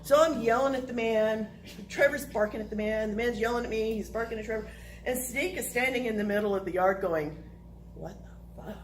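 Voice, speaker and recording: A woman telling a personal story to listeners, animated and laughing through the funny parts. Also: on the high side, brisk, heavy background noise.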